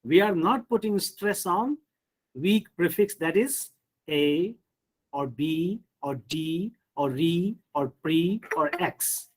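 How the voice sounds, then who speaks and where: Slow, high-voiced male teacher. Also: lively intonation, rough recording. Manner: slow, repetitive drilling with frequent "hmm" and "you see". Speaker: English pronunciation teacher. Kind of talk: online lecture on word stress.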